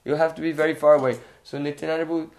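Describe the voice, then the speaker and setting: A man with a slightly raised voice delivering a devotional lecture. He speaks in an unhurried, reflective way, often pausing to check in with his listeners with a questioning "hmm?". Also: fairly high pitch, flat delivery, darkish tone. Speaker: spiritual teacher.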